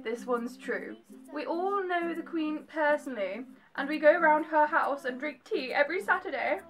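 A young English woman with a slight American twang, talking to her camera at home in a chatty, animated way. Her voice sits a little high, and faint music plays quietly under her. She moves easily into joking asides. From England. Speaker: vlogger. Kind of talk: casual chat to camera.

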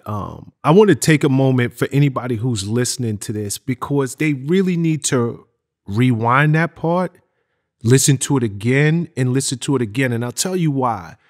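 A man hosting an interview, reflecting earnestly and speaking straight to the listeners. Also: medium pitch. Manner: earnest, emphatic, addresses listeners directly. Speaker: interview host.

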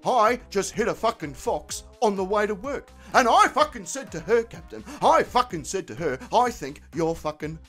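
A man doing a grumbling, foul-mouthed bloke in a huff, pitched a little lower than the teller's own voice and swinging up and down as he talks. He swears in every line, defensive and put out. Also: big pitch swings, moderate pace, hardly any pauses, a bit bright, faint music behind, full character voice. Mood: huffy. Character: sweary huffy adult man friend.

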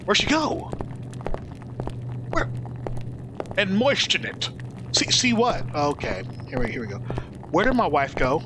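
A man streaming a video game, talking to chat with excitable, swearing commentary. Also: high-pitched, measured pace, pauses often, noisy background. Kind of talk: live gameplay commentary.

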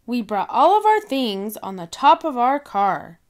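A woman voicing a jolly, proud father pig in a storybook, speaking in a hearty, louder way. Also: fairly high pitch, very animated, unhurried.

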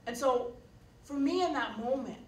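A woman delivers a keynote in a lecture hall, her high-pitched, darkish voice moving at a moderate pace. She tells a story earnestly and conversationally, leaning on fillers, and the distant recording picks up hall echo and slight background noise.

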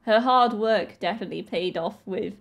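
A woman's voice: medium pitch, normal speed, creaky. A woman in her twenties from Britain, chatting casually and laughing often as she reacts to a video. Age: 20s.

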